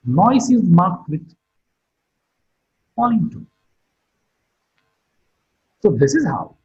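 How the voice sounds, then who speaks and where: A man giving a phonetics lecture online, speaking slowly and deliberately and repeating example sentences with stress on the last word. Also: high voice, very animated, a little mellow, a little hiss or hum. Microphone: computer or phone mic for online class. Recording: dull, muffled lo-fi audio.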